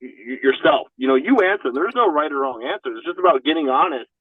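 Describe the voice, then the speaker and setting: A man's voice: on the high side, animated, quick pace, husky, no echo. Profane man talking on a thin phone line. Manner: profane, filler-heavy, 'you know what I mean'. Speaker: podcast guest. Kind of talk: casual candid chat. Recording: dry, phone-like narrow sound.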